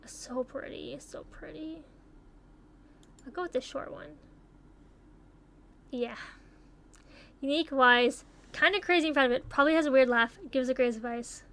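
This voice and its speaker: A young woman chatting casually as she takes online quizzes, swearing freely and thinking out loud. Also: high voice, steady tone, moderate pace, gravelly, pauses often. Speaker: YouTuber taking online quizzes. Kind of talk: casual commentary while playing.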